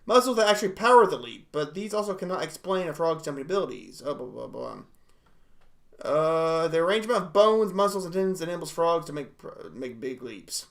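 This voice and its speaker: An excitable young man hosts a casual livestream, reading and reacting out loud. His voice sits high and sounds bright and forward. He laughs often and bursts into exclamations. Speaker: livestream host.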